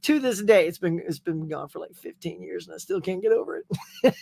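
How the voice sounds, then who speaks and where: A middle-aged man hosting a casual livestream chat, telling animated stories and reading out viewer comments. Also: high-pitched, brisk, gravelly. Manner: animated storytelling, acting out quotes. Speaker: livestream host.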